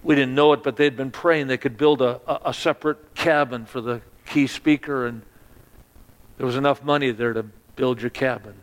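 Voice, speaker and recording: A man's voice: mid-range voice, steady tone, normal speed, natural voice, low-quality recording. A man voicing an earnest, grieving middle-aged male camp director inside a sermon story, his voice choked with tears. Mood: tearful.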